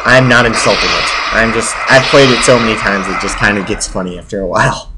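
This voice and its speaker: A man's voice: on the low side, steady tone, fairly quick, very noisy. A man giving let's play commentary in a sarcastic way, mocking the game's dialogue as he plays. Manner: sarcastic, mocking the game dialogue in silly voices. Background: game music.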